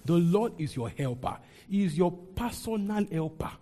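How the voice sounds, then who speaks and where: Husky preacher man. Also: high-pitched, animated, moderate pace, mellow. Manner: call-and-response preaching, leads congregation reading aloud. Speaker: pastor. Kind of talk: sermon. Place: church with a congregation.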